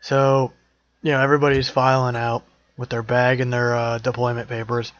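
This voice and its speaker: A man's voice: mid-range voice, level tone, normal speed, a bit bright, dry recording, dull audio. A young man narrating as game master in a casual tabletop session, swearing and joking with players.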